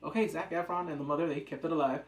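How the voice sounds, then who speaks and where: A man's voice: a little high, steady tone, very fast. A man reviewing a TV episode in a casual, rambling, jokey recap chat. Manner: rambling, jokey, acts out quotes. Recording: roomy echo.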